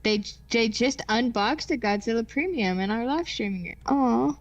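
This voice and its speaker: A woman's voice: on the high side, normal speed, lo-fi sound. A woman co-hosting a live stream, chatting casually, laughing often and reading chat messages aloud. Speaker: co-host of a live pinball repair stream.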